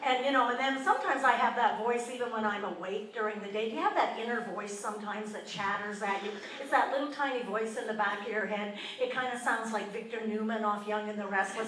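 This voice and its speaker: A woman's voice: on the high side, steady tone, fairly quick, few pauses, distant mic, noisy background. An older Canadian woman doing a self-deprecating stand-up routine on a theatre stage, chatting with the crowd. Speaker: stand-up comedian. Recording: roomy live venue mic, audience ambience.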